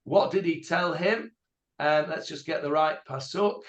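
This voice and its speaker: A man teaching a Bible class as a rabbi, animated, with hesitant fillers. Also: fairly high pitch, unhurried.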